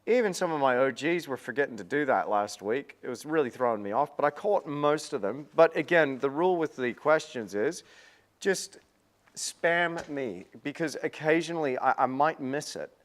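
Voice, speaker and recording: A man's voice: mid-range voice, animated, moderate pace. Kiwi guy chatting through a painting livestream, upbeat, repeats himself, pokes fun at himself. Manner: chatty, upbeat, repeats words, self-deprecating. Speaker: painting instructor hosting a livestream. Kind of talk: casual livestream teaching.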